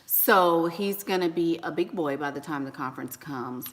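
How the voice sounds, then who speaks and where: A woman's voice: low-pitched, moderate pace. A woman, chatting casually and animatedly to viewers, slangy and laughing often. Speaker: online business coach and vlogger.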